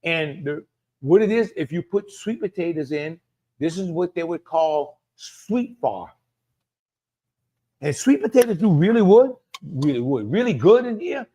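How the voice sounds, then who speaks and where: A mellow Cajun man from Louisiana hosts a live cooking demonstration, talking in a loose, chatty way and repeating himself often. He speaks a little higher than most men and names chat viewers as he cooks.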